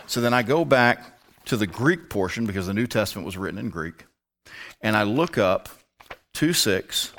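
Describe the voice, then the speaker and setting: Male preacher, Bible-study sermon, chatty and methodical, very animated pitch. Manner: conversational, explains his word study step by step. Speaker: pastor.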